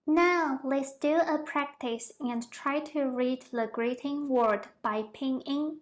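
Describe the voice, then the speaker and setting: A woman leads a beginner pronunciation lesson at an unhurried, deliberate pace. Her voice sits high and she stretches each model syllable for learners to copy. The recording has a noticeable room echo. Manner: drawn-out model pronunciations for repeating. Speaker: Mandarin teacher. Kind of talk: slow, careful language lesson. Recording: echoey room.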